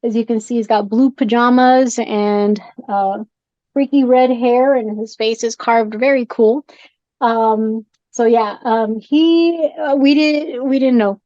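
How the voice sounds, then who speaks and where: A woman with a fairly high voice tells a ghost story in a chatty podcast, jumpy and animated and quick to play out her own fright. The sound is dull and close, with no room around it. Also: no room sound. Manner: animated, jumpy, acts out scared reactions. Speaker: guest, shop owner and horror collector. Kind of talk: excited storytelling in a podcast chat. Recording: dull dry podcast audio.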